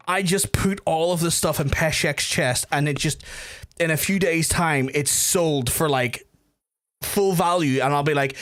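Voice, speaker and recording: A young man streaming a game, chatting excitably with viewers and leaping up in pitch when he gets worked up. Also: normal speed. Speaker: gaming streamer. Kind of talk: casual livestream chat while playing.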